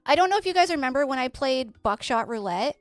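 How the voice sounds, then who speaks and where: A woman's voice: sits high, lively intonation, quick pace, faint music behind. A woman from Canada, telling rambling stories with plenty of swearing while she streams a game. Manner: chatty, rambling, swears freely. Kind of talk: casual storytelling while playing a game.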